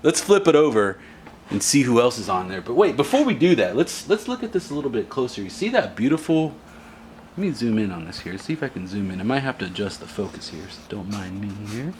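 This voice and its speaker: A laid-back man talks through a casual demo video with slang and jokes. His pitch sits mid-range. Clear background noise fills the warehouse around him. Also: sing-song, fairly quick, a little mellow. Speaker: art supply shop demonstrator.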